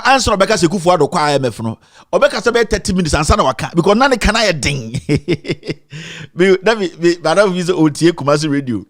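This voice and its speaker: Ghanaian guy on a live stream, kinda high voice, greets viewers one by one then gets all worked up, dry close sound. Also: no room sound. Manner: greets viewers by name, then rants animatedly, switching between English and Twi. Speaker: online live show host. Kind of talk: casual live-stream commentary.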